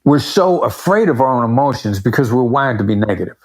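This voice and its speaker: A man's voice: mid-range voice, lively intonation, a little fast, husky. A man speaking as a guest in a podcast interview, explaining his points emphatically and varying his pace for effect. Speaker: podcast guest, negotiation expert. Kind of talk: conversational interview.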